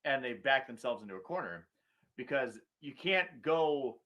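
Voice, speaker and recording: A man's voice: medium pitch, lively intonation, moderate pace, fairly bright tone, lo-fi sound. A middle-aged man hosting a political talk show, ranting sarcastically and mocking politicians in put-on quotes.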